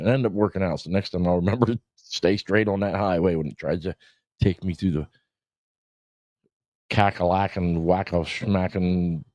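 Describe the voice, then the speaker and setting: Deep, dark-voiced profane man. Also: dry recording. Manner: rambling, profane, laughs often. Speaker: podcast host. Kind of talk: casual livestream chat. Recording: dull lo-fi stream audio.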